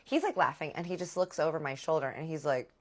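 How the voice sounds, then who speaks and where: A woman vlogger telling a story in casual chat, animated and profane, talking straight to her viewers. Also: low-pitched, fast talker.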